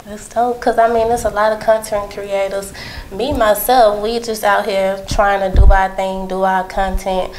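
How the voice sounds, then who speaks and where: A woman's voice: medium pitch, little pitch movement, moderate pace, a little mellow, a little hiss or hum, poor audio. A woman from Birmingham with an Alabama Southern accent, casually interviewing a guest in a friendly, upbeat way and often answering with short praise. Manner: friendly, upbeat, repeats "that's dope". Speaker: interviewer, host.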